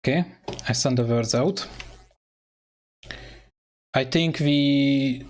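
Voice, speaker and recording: A man commentating an online sim racing event, excitable and hesitant, with phrasing and lots of fillers. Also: medium pitch, takes it slowly, a little hiss or hum. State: out of breath. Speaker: race commentator.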